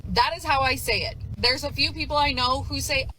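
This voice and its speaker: A woman's voice: sits high, brisk, pushed and bright, a little hiss or hum, rough recording. A woman, a mother, telling a story to camera in a chatty, exasperated, self-mocking way. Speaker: mother telling a story in a social media clip.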